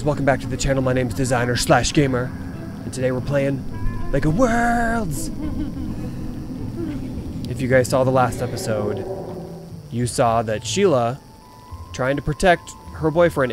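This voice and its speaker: A man hosting a playful game playthrough, telling the story in an excitable, dramatic way full of gasps. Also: medium pitch. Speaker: let's play host. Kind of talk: playful let's play narration.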